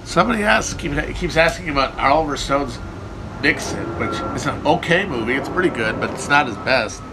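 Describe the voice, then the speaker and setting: A man's voice: a little high, animated, fairly quick, background noise. A man hosting a casual livestream, answering viewer questions in a rambling, irreverent, profane way. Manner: irreverent, profane, riffing, jokey. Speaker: livestream host answering chat.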